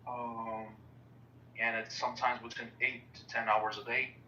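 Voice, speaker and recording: A man with an Italian accent from Italy, calling in to a casual group chat and speaking haltingly with many restarts. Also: mid-range voice, flat delivery, bright, forceful tone, a little hiss or hum. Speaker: caller. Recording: echoey, distant, dull sound.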